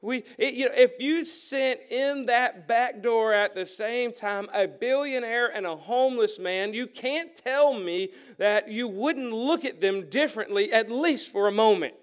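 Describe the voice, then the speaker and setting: Speaking in a very high, smooth voice at a measured pace with few pauses, a pastor delivers a conversational sermon in a church sanctuary. He brings the story's people to life by playfully acting out their voices for his congregation.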